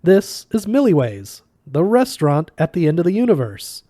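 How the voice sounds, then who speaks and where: A man's voice: fairly high pitch, big pitch swings, moderate pace, warm tone, no room sound, clean studio sound, voice pushed up. A man voicing a small, wizened green alien waiter who is coldly polite and a little sarcastic. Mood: prim politeness. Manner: prim, over-polite, clipped.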